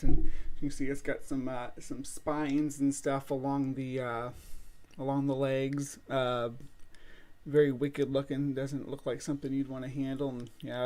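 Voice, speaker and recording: A man hosting a casual late-night livestream from a room at home, talking in a halting, rambling way full of filler sounds. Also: medium pitch, a little mellow. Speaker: streamer hosting a late-night bug stream. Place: home room set up for streaming.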